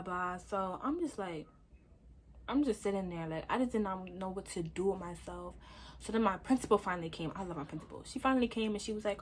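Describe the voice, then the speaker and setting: A young adult woman telling a personal story in a casual, lively vlog style, with lots of fillers. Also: medium pitch, fairly quick, slightly rough. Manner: lively, chatty, full of fillers. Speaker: vlogger.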